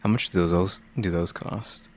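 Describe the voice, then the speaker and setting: Man, very low voice, skeptical, thinks out loud in casual banter. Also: steady tone, a little slow. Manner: skeptical, musing aloud. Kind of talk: casual chat.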